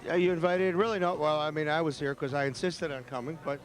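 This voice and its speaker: A man's voice: fairly high pitch, fairly even intonation, quick pace. A man hosting a restaurant show, eagerly interviewing the owner at a party. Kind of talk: casual on-location interview.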